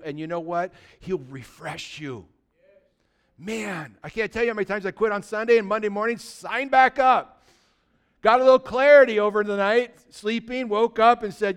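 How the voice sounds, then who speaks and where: Man, pastor, high voice, smooth and resonant, energetic conversational sermon. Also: fairly quick. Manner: energetic, conversational preaching with questions to the congregation.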